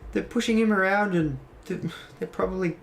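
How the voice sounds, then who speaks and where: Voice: mid-range voice, fairly quick, gravelly, a little hiss or hum, voice pushed up, close to an everyday voice. A game master voicing a frightened young woman who pleads and stammers in a tabletop game. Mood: worried. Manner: stammering, anxious.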